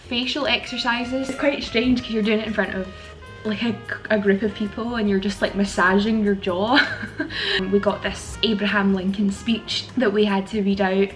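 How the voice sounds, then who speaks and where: A woman's voice: mid-range voice, a bit bright, poor audio. Chatty Glaswegian woman vlogging. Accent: Scottish, Glasgow. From Scotland. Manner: chatty and giggly, talking straight to camera. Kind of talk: casual vlog chat.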